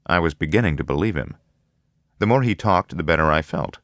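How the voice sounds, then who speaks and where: Man reading a novel out loud, low-key and steady, real deep voice, dry sound. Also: a little fast, no echo. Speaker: audiobook narrator. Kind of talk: first-person audiobook narration.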